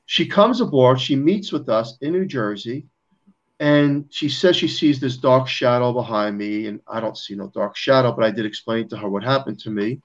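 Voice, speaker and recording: Animated male storyteller, lo-fi audio. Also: mid-range voice, normal speed. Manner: animated, acts out quoted dialogue. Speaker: guest. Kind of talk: storytelling in casual conversation. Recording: slightly dull lo-fi audio.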